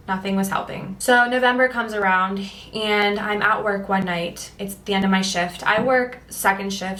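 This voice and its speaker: A young woman vlogging her personal testimony, earnest and emotional, acting out what she and others said. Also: mid-range voice. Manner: earnest and emotional, quotes herself and others in lively voices. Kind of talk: personal storytelling. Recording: echoey room.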